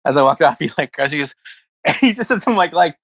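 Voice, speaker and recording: A man's voice: on the high side, animated, fast talker, fairly bright tone, husky, dry recording, poor audio. A man who is a comedian, telling rambling stories in a casual podcast chat and acting out quotes. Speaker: comedian guest. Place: West Hollywood.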